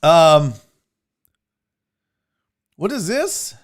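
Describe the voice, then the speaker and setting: A man's voice: a little high, very slow. A man hosting a live sports stream, chatting casually and profanely with viewers, joking and telling stories about home. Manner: animated, profane, joking with chat. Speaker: host of a live sports show.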